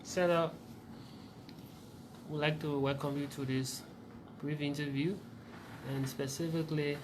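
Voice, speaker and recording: A man as a reporter asking a formal interview question in a measured way. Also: fairly high pitch, fairly even intonation, background noise.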